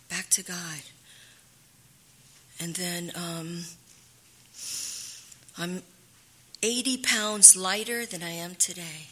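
A middle-aged woman telling her own recovery story in a candid, halting way, often dropping to a hushed whisper. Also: mid-range voice, animated. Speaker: recovery speaker. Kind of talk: personal testimony.

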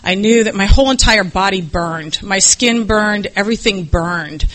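Candid woman with a bright voice. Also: medium pitch, normal speed, rough recording. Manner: candid storyteller, acts out other people's voices, laughs through the story. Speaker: recovering alcoholic telling her story. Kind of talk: personal recovery testimony.

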